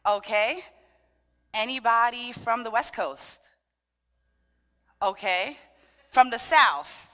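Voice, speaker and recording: A woman's voice: fairly high pitch, slow pace, long pauses, big-room sound. A Brooklyn-born woman with a Trinidadian lilt, leading a conference audience in a playful, sing-song way. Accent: Trinidadian-tinged New York. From Brooklyn, of Trinidadian family. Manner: sing-song, animated, playful, leads call-and-response. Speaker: dance workshop leader. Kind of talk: lively talk to a conference audience. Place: large conference hall.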